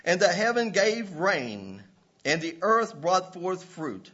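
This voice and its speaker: Guy preaching hard, real high bright voice, yelling bits, dull lo-fi recording. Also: sing-song, slow pace, slightly rough. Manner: impassioned preaching, breaking into shouts and laughs. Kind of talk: sermon.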